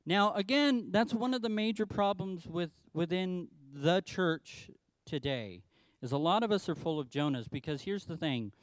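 A man pastor preaching a sermon, telling the story in an animated way and acting out the quotes himself. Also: high-pitched, normal speed, no room sound.

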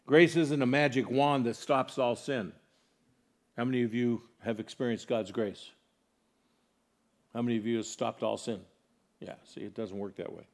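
Earnestly questioning his congregation, a male pastor preaches at normal speed with long pauses. His mid-range voice keeps fairly even intonation while shifting between soft, quiet passages and loud, emphatic ones.

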